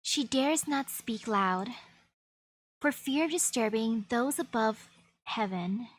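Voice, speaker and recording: A woman streaming a video game, reading its dialogue aloud in a playful, animated way and adding her own commentary. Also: fairly high pitch, slow, husky, dry recording. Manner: playful, animated, switches voices for characters.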